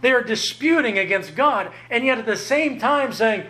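A man preaching a sermon, emphatic and lively, often jumping up in pitch to drive home a point. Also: moderate pace. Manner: emphatic, rises sharply in pitch to stress points. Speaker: pastor.

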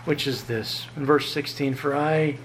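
A man preaching a sermon in an emphatic, animated way, his voice climbing high whenever he stresses a point. His voice sits a little high for a man. A faint hum runs under the recording. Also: measured pace. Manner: emphatic, rises sharply in pitch to stress points. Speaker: pastor.

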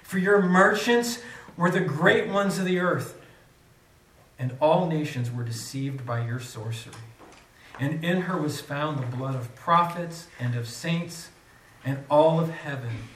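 A man's voice: a little high, a little slow, a bit bright, slight background noise. A man preaching a sermon, reading scripture aloud with dramatic rises on the quoted cries. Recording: echoey room, mic from a distance.

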